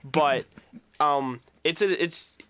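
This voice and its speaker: A man's voice: on the high side, takes it slowly, a bit bright. A man co-hosting a casual radio show, cracking sarcastic jokes. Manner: wisecracking, sarcastic.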